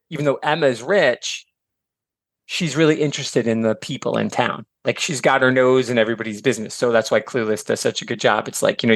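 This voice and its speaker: A middle-aged man from Michigan chatting as a podcast guest, animated and filler-heavy, slipping into voices for quotes. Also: mid-range voice, no echo. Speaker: podcast guest, author and educator. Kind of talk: casual chat.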